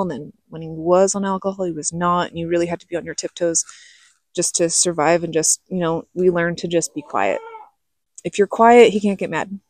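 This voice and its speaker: A woman's voice: lowish voice, darkish tone, no echo, clean studio sound. Chatty middle-aged woman telling a story. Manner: chatty, frank, with many "okay?" asides. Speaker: vlogger telling her life story. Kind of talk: casual storytelling to camera.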